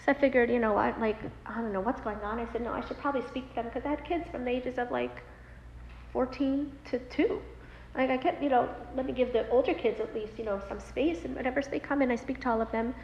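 A woman in her thirties telling a personal story, animated, with many fillers. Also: a little high, quick pace. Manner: animated, many fillers, acts out quoted voices. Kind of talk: personal story told aloud. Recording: roomy hall with long reverb, dull lo-fi sound, faint noise.

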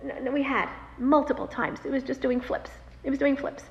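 A woman in her thirties telling a personal story, animated, with many fillers. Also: high-pitched, brisk. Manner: animated, many fillers, acts out quoted voices. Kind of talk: personal story told aloud. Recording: roomy hall with long reverb, dull lo-fi sound, faint noise.

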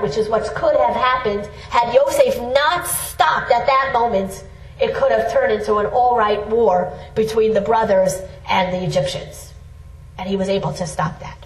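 Middle-aged lady teaching torah, high voice, mic kinda far off in an echoey room. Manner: earnest, emphatic, with rising exclamations. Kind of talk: spoken Torah lesson. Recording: roomy sound from a distant mic.

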